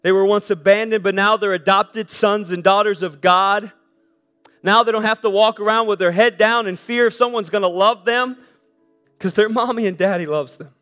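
A man's voice: high-pitched, fairly even intonation, moderate pace, a bit bright, smooth, soft background music. A man preaching a sermon in a church service, earnest and conversational, often restarting and repeating words as he talks. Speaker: pastor. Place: church sanctuary during a service.

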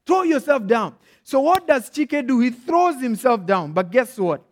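A Kenyan man preaching an animated storytelling sermon who keeps checking in with his listeners. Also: extremely high pitch, a little slow, slight background noise. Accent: Kenyan English. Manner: animated, checks in often with "all right?".

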